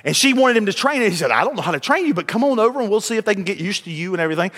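A pastor preaches in a high, bright, forceful voice, folksy and emphatic. His words ring out with a long reverb through a church sanctuary. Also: sing-song, rapid-fire. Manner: folksy, emphatic preaching with call-and-response asides. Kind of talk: sermon.

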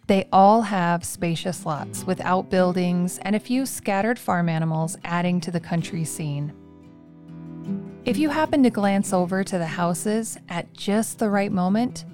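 A woman with a mid-range voice narrates a podcast script, calm and measured. She lays out her description at an even pace. Soft guitar plays quietly under her words. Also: mid-range voice.

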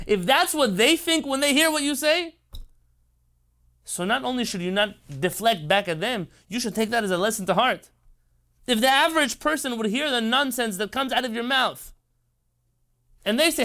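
A man's voice: high-pitched, animated, moderate pace, a bit bright. A man giving an impassioned Torah lecture, emphatic and rhetorical. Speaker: rabbi.

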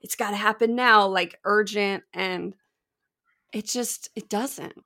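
A woman's voice: medium pitch, slow pace, bright, forceful tone. A woman hosting a podcast interview, telling a personal story in a reflective way. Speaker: podcast host.

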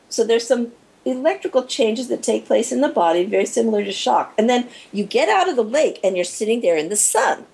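Husky, animated woman explaining. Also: mid-range voice, rough recording. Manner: animated, acts out little scenes with quoted inner voices. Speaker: guest expert on shock and recovery. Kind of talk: explanatory interview talk.

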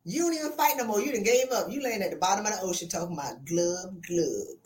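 Rapid-fire and sassy, a life coach hosting a motivational podcast talks bluntly and colloquially to her listeners, whom she calls "sis." Her animated monologue swings high and low in both pitch and volume to drive points home.

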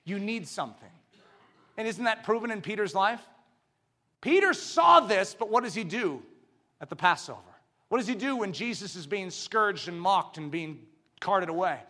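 A male preacher with a high, bright, ringing voice. He moves from loud, emphatic declarations down to hushed, intense lines and keeps putting rhetorical questions to the congregation. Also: animated, normal speed. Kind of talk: sermon.

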